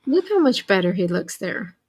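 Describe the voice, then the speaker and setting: A woman co-hosting a podcast in relaxed casual chat, easygoing and quick to laugh. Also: medium pitch, husky. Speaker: podcast co-host.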